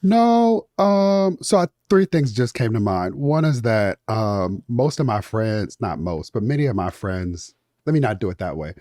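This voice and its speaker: A man's voice: fairly low pitch, sing-song, moderate pace, a little mellow, no room sound, studio quality. A man speaking as a guest in a casual chat, frank and blunt, with stammered restarts. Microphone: studio mic.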